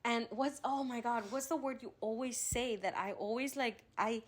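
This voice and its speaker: Woman cohost, kinda high voice, laughing a lot, teasing her friend. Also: moderate pace. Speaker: podcast co-host. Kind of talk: casual chat.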